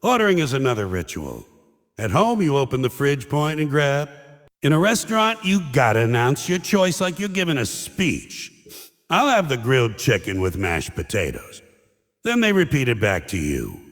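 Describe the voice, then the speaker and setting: A male stand-up comic delivers an exasperated, sarcastic rant, his pitch leaping high and diving low from line to line. He mocks others by slipping into short put-on quotes. The voice rings out with a long reverb tail, as in a large hall. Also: huge pitch swings, moderate pace. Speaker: comedian. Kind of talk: stand-up comedy monologue.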